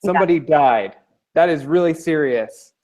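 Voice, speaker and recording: A man's voice: a little high, animated, moderate pace, warm tone. A man from Long Island chatting as a guest on a video call, joking, rambling and laughing often. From Long Island, New York. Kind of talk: casual chat.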